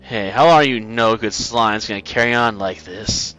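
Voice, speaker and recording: A man's voice: fairly low pitch, normal speed, bright, forceful tone, soft background music, poor audio. A man voicing a harsh, growling, cruel prison warden as he reads game dialogue aloud. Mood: menacing. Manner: menacing, contemptuous.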